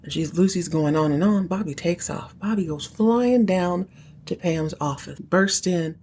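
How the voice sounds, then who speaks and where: A woman with a fairly low-pitched speaking voice hosts a casual podcast recap. She talks in a chatty, animated way and slips into the characters' lines as she retells the episode. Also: unhurried, slight background noise. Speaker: podcast host.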